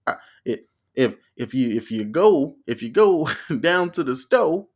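Flustered preacher guy begging the crowd, voice way up high, a guy putting it on. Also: sing-song, unhurried. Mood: pleading. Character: excited male preacher defending himself.

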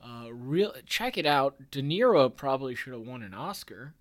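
A man's voice: medium pitch, big pitch swings, normal speed. Podcast host, man in his 30s, rambling and wry, plenty of ums and false starts. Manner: rambling, filler-heavy, self-interrupting; wry, chuckles at his own jokes. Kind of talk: casual podcast chat.

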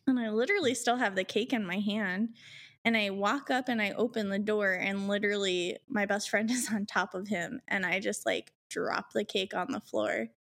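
A woman telling a personal story in casual chat, acting out quotes in higher voices and swearing freely. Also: moderate pace, a bit bright.

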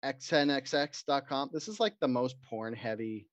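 A man chatting on a podcast, cracking crude jokes and riffing through silly stories. His voice sits at a middle pitch. The recording is dry and a little dull and lo-fi. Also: normal speed, no echo. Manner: crude, joking storyteller who puts on voices. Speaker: podcast co-host. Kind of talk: casual podcast banter.

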